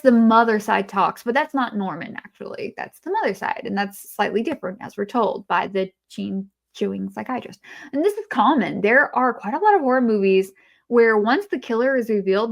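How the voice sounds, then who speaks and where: A woman hosting an opinionated video essay, mid-pitched and informal. She is blunt, and sarcastic asides run through her commentary.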